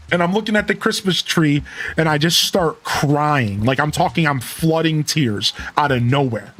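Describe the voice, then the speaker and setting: A man streaming a game, chatting casually in a rambling, self-interrupting, reflective way. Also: mid-range voice. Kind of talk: casual gameplay stream chat.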